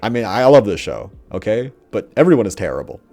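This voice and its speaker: A young man giving rambling, profane, mocking commentary, often putting on quick voices of characters. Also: on the low side, big pitch swings, a little mellow, soft background music. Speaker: commentator on a TV show. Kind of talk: casual ranting commentary.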